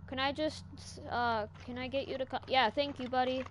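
A woman chatting casually over her own gameplay, often mumbling quietly to herself and greeting the creatures in the game. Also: high voice, moderate pace, few pauses, very noisy. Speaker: gaming streamer. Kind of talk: casual let's-play commentary. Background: loud game music.

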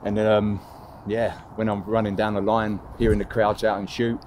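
Deep-voiced footballer reminiscing casually. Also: male voice, moderate pace, slight background noise. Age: 30s. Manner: relaxed, rambling, with frequent fillers and laughs. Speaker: footballer being interviewed. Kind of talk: casual interview recollection.

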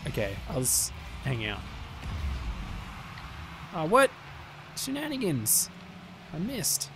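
Male gamer guest, high and swooping voice, swears and hollers at near misses, faint noise behind. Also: slow pace. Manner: excitable, swears and yells at plays. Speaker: guest co-player. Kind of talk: casual gameplay chat.

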